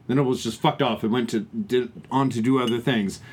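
Husky man joking on a podcast. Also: medium pitch, fairly even intonation, brisk, a little mellow. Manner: joking, argumentative, stumbles over words. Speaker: podcast co-host or guest. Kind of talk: casual drinking podcast banter. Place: his own home, indoors.

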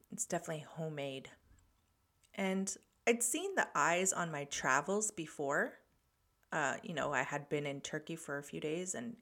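Podcast host, woman, low register, reflective storyteller, conversational delivery. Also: fairly bright tone. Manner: reflective, conversational, with light laughs.

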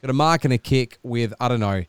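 Smooth-voiced teasing host. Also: male voice, medium pitch, brisk, no room sound. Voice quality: teasing, laughing often. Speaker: podcast co-host. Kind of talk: casual banter.

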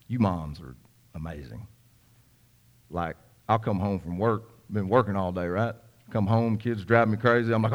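A man's voice: on the low side, normal speed, long pauses. A young man preaching a sermon, telling a folksy story with many repeats and asides to the congregation. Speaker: pastor.

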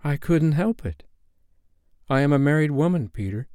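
A man voicing Wendy, a gentle, wistful grown-up mother, in a storybook reading. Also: a little high, expressive, normal speed, smooth, no room sound, studio quality, pitched above the performer's own voice, close to an everyday voice. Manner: soft and tender.

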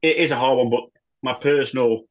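A man, a former footballer and manager, chatting as a podcast guest in an animated, rambling way, full of restarts and the odd swear. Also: medium pitch, a little fast, poor audio. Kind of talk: casual chat.

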